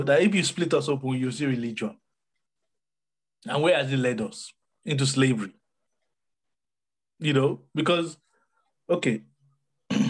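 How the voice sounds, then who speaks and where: A man's voice: a little high, poor audio. A man from Africa co-hosting a podcast, telling stories with emphatic repetition in a casual motivational chat. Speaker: podcast co-host.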